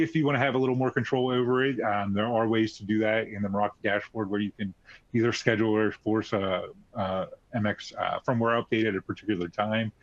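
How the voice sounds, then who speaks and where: Low-voiced guy explaining network stuff in a webinar, lots of um's, dry dull audio. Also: no room sound. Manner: explanatory, frequent fillers and restarts. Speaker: technical expert guest. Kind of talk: webinar Q&A answers. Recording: dry muffled webcast audio.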